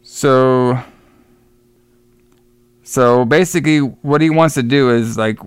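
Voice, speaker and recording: A man's voice: mid-range voice, slow pace, clean tone, no echo. A man co-hosting a podcast, casually recapping a horror film's plot in a rambling way, often restarting his words. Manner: rambling, repeats and restarts words while recounting scenes. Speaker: podcast co-host reviewing a horror film.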